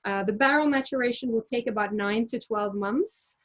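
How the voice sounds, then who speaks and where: A woman's voice: fairly high pitch, normal speed, fairly bright tone, rough recording. Woman casually presenting a wine tasting. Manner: chatty, many fillers and self-corrections. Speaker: winery representative leading a tasting. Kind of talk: casual presentation on a video call.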